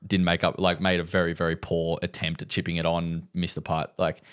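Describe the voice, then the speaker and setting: A man's voice: low voice, monotone, a little fast, a bit bright, clear, resonant tone. A man co-hosting a podcast, telling a long rambling story in casual chat and repeating himself. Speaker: podcast co-host.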